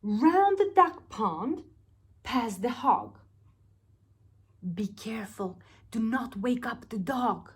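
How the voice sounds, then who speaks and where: A woman's voice: high voice, sing-song, very slow, pauses often, full character voice. A woman voicing a scheming male thief who whispers a rhyming plan to rob a farm in a storybook. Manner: hushed, sing-song rhyming plot. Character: two scheming male thieves plotting.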